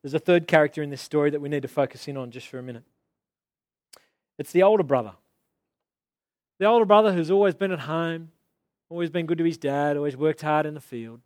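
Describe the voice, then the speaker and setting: Animated male preacher with a dry sound. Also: a little high, dry recording. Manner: animated, rising to indignant mock outbursts. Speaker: pastor. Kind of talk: sermon.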